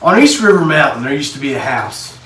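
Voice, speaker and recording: A man from Texas, co-hosting a casual podcast chat and telling animated stories. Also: medium pitch, brisk. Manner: storytelling, animated. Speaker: podcast co-host. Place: basement. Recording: echoey room, mic at a distance, faint noise.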